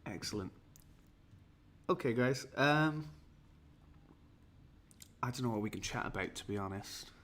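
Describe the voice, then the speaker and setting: A man's voice: medium pitch, lively intonation, unhurried, long pauses, a bit bright. A tired, jetlagged man from Wales, rambling and self-mocking as he chats with viewers on a livestream. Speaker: livestream host. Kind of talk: casual livestream chat.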